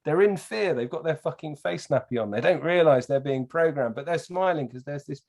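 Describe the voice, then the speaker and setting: Swearing, animated storyteller man. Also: fairly high pitch, normal speed, few pauses. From England. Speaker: podcast guest. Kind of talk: casual podcast chat.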